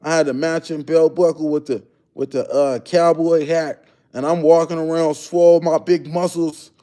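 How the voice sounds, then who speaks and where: A man's voice: a little high, steady tone, moderate pace. Slangy young man hosting a livestream. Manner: loose, slangy, shouting out viewers by name. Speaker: livestream host. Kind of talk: casual livestream chat.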